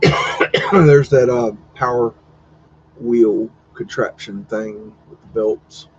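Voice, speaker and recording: A man's voice: medium pitch, extremely slow, muffled recording, a little hiss or hum. A man hosting a casual live stream, commenting on old photos in a rambling, profane, wondering way. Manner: rambling, profane, wondering aloud, teasing his dog.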